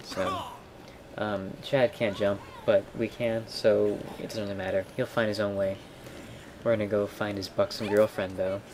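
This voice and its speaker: A man with a fairly low voice talks through a video game as he plays it. His commentary is relaxed, explanatory, and dotted with wry asides. Game sounds and gunfire are clearly heard under his voice. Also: normal speed, noisy background. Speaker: let's play commentator. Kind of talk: casual gameplay commentary.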